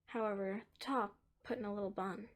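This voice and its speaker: A woman narrating a dark story, moving between hushed whispers and emphatic lines. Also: mid-range voice, fairly even intonation, quick pace.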